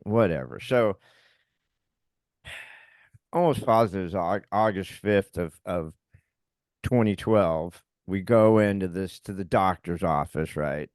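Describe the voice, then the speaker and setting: A man's voice: deep voice, slow pace, pauses often, a little mellow, dry recording. A middle-aged man co-hosting a podcast, telling a personal story in a heated, profane way and acting out what others said. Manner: profane, heated, recounting events with acted quotes. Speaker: podcast co-host.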